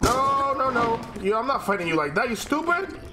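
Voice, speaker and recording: A man giving loud, excitable gameplay commentary, swearing and trash-talking the enemies as he plays. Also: very high-pitched, normal speed, over music. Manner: excitable trash talk, swearing, shouting at the game. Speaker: gaming YouTuber.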